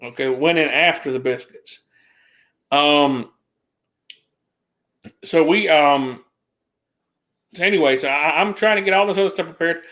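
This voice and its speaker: A man with a drawl tells a meandering story in a casual chat, his voice sitting somewhat high. He restarts his sentences often and jumps his pitch up to imitate other people. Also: a little slow, long pauses, fairly bright tone. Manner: rambling, restarts, mimics others with a raised voice.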